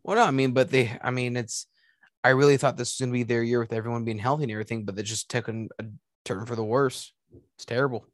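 A man's voice: mid-range voice, steady tone, fast, no echo, studio quality. A young man co-hosting a podcast in casual chat, joking around and swearing, often trailing off. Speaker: podcast co-host.

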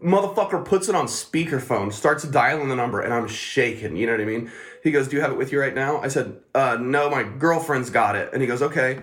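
A man's voice: medium pitch, fairly quick, fairly bright tone. A man casually telling a long, profane story on a podcast and laughing often as he talks. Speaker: podcast co-host.

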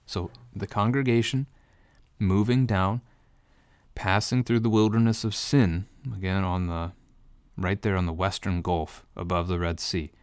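A man's voice: low voice, steady tone, measured pace, clear, resonant tone, no room sound. A man teaching a Bible study in a conversational way, explaining details step by step. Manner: explanatory, walks listeners through details step by step.

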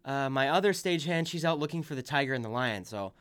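A man's voice: medium pitch, expressive, fast, a bit bright, clean tone. Guy rambling through a game story, lots of likes and ums, does little voices for the characters. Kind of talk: casual chat about a video game.

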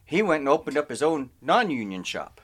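Middle-aged guy, kinda high voice, rambling swear-y stories on a podcast. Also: sing-song, a little fast, fairly bright tone. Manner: rambling, profane anecdotes with acted quotes. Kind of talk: casual podcast chat.

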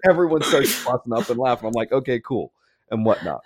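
A man's voice: brisk, no echo, clean studio sound. A man co-hosting a casual chat, telling a story with lots of "like" and "whatnot", acting out quoted lines with big jumps in his voice. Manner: animated, acts out quotes with big pitch jumps and laughs; heavy use of "like" and "and whatnot". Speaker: podcast co-host.

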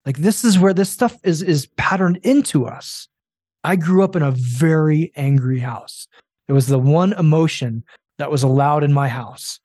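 A man's voice: fairly high pitch, moderate pace, a little mellow, dry recording. A man in his forties talking earnestly and emphatically, coaching other men in a casual conversation. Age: 40s.

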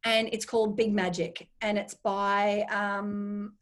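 A woman guest in a casual interview, talking enthusiastically and acting out her own inner voice in quick asides. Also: medium pitch, flat delivery, a bit bright.

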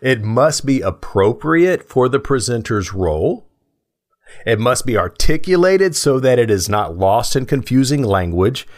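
A male podcast co-host who explains ideas in a measured, thoughtful way. His voice has a lively, varied pitch, and he laughs easily between points.

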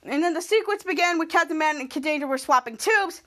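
A woman with a very high voice retells a TV episode as a podcast host, in a loose, rambling way. She stumbles and restarts often as she walks through each scene. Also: quick pace, bright, forceful tone. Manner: rambling retelling with acted quotes and many restarts. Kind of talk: casual episode recap.

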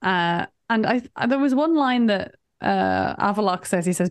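A woman's voice: medium pitch, lively intonation, brisk, few pauses, no room sound, studio quality. A woman co-hosting a podcast, recapping a game in casual, chatty talk, often laughing. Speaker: podcast co-host.

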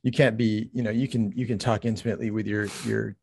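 A man talking reflectively in a casual podcast chat, halting with many restarts. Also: lowish voice, flat delivery, creaky, a little mellow, breathy edge, no echo.

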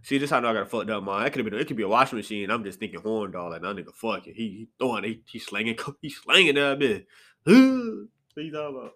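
A man hosting a casual solo podcast from his apartment, swinging between sudden high exclamations and low mutters. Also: racing, few pauses. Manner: animated, jumps into sharp high outbursts then drops to low mutters. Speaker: podcast host. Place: apartment room.

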